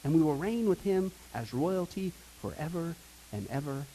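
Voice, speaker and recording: A middle-aged pastor preaching a casual, energetic sermon, moving from quiet asides to loud emphasis. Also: male voice, fairly high pitch, normal speed, a little hiss or hum, rough recording. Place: church sanctuary.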